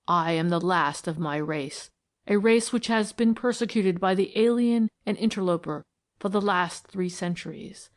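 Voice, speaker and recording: A solemn male mystic from a storybook, the last of an ancient tribe, read by a woman. He speaks in a grave, prophetic and quietly threatening way, in a lowish voice. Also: lightly acted.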